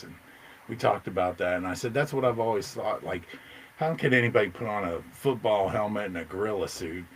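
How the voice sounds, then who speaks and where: A man telling a long story in casual chat, rambling and excitable, jumping into loud high voices when he quotes himself. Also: rough recording.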